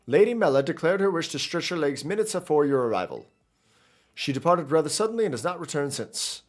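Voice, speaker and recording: A man's voice: on the high side, sing-song, a little fast. A man voicing a courtly young male game character with formal, archaic, flowery speech.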